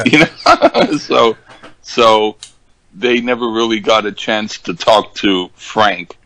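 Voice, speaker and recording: An older man in casual conversation, talking haltingly with many ums and restarts. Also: lowish voice, fairly bright tone, no echo, poor audio. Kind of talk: casual chat.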